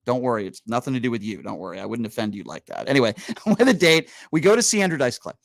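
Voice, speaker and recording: Male radio host, lively storyteller with a very varied pitch, dry close studio sound. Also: fast, gravelly, no echo. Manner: animated storyteller, quotes people in raised voices. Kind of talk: casual studio chat, storytelling.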